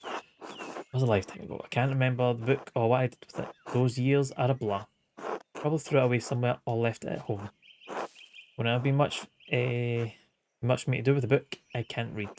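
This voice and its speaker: A hardworking village man with a blunt, grumbling manner turns defensive and evasive, as a man reads him out. The voice sits at an ordinary middle pitch. A steady background noise runs under the recording. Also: fairly quick, lightly acted.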